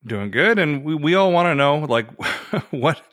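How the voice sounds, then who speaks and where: A man's voice: on the high side, expressive, unhurried, fairly bright tone, no echo, studio quality. A man hosting a web development podcast, asking questions in a playful, joking way. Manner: playful, jokey framing of questions. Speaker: podcast host. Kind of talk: casual podcast chat.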